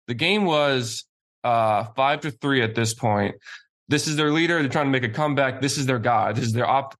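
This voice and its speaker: A man's voice: mid-range voice, fairly bright tone. A male sports host who talks casually about hockey. His voice sits in a middle range, and he builds each point through repetition in an incredulous tone.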